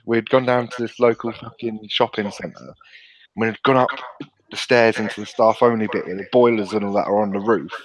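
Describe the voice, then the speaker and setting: A man's voice: lowish voice, poor audio. A man in his thirties telling sweary, laughing stories as a podcast host. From England. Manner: sweary, laughing, animated storyteller. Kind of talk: casual chat, storytelling.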